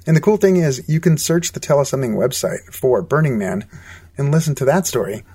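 Male host, upbeat scripted outro, mid-pitched voice. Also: expressive, a little fast, dark tone, slightly rough.

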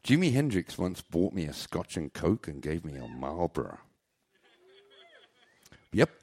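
A man's voice: sits low, very animated, a little slow, a little mellow, husky. An older man telling rambling, jokey, self-mocking stories on stage at a live venue. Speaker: storyteller.

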